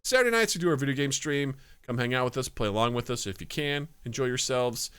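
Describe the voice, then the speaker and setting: Bright, clear-voiced male podcast host. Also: mid-range voice, fairly even intonation, quick pace. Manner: upbeat, plugging shows and socials. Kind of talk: casual podcast chat.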